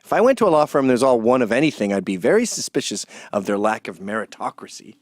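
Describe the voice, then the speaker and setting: A man's voice: mid-range voice, very animated, fast, a little mellow, no echo. A man hosting a comedic commentary, ranting in a sarcastic, mocking way. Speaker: host and commentator.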